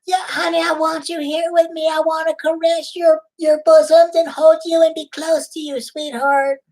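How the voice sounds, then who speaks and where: Woman, high voice, prank caller: giggly, clingy, overly emotional. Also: little pitch movement, moderate pace, darkish tone, rough recording. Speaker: scam baiter posing as a lonely woman. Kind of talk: prank phone call.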